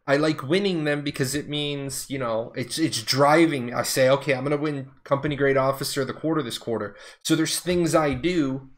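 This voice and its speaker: A middle-aged man, a former Air Force officer, telling stories in a blunt, profane, rambling way. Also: medium pitch. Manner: blunt, profane, digresses mid-story. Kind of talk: casual storytelling chat.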